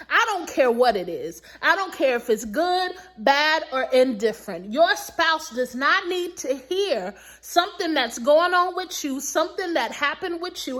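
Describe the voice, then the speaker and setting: A woman recapping a reality show and giving emphatic, preachy marriage advice, repeating her points slowly and laughing between them. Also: high-pitched, fairly bright tone. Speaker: recap vlogger.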